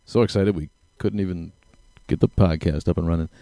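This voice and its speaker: A man's voice: low-pitched, fairly even intonation, fairly quick, mellow, no room sound, clean studio sound. A man hosting a live podcast, upbeat as he introduces his guest and reads out a bio. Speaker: podcast host. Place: small room in a downtown venue.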